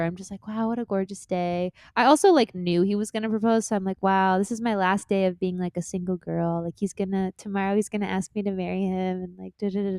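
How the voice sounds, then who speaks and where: A young woman from Florida co-hosts a podcast at a desk mic, telling stories in a lively, chatty way. She often slips into quoting her own past lines. Her voice sits in the middle of the range, and the sound is close and dry. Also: medium pitch, clean tone, no room sound. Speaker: podcast co-host. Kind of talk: casual chat. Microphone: desk mic on a stand.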